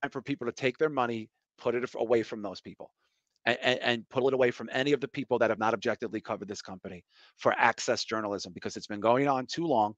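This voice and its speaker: Blunt ranting middle-aged podcast host. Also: male voice, mid-range voice, steady tone, quick pace, no room sound. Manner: blunt, ranting, frequent agreeing interjections. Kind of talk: casual podcast chat. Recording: dull lo-fi dry podcast audio.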